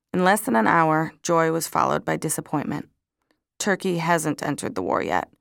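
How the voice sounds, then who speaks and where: A woman narrating diary entries in the first person, reading in an even, measured way. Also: sits low, creaky, no room sound, clean studio sound. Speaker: audiobook narrator.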